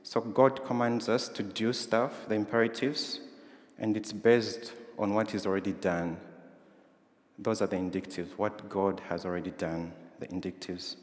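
Preacher, male, lowish voice, conversational, asks the room questions; hall reverb. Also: fairly even intonation, normal speed. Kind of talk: sermon. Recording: roomy hall with long reverb.

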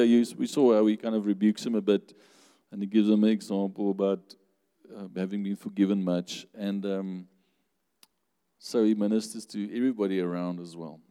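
A man preaching a sermon in a church hall, with a fairly low, mellow voice. He talks conversationally, asks the listeners questions and laughs now and then. A long reverb from the hall hangs on his words.

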